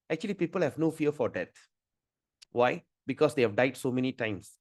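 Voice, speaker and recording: Over a video call, a middle-aged man teaches a scripture class as a spiritual teacher, telling meandering stories while repeating words and restarting his phrases. His voice is a little high, with lively intonation at a moderate pace. The recording is dry.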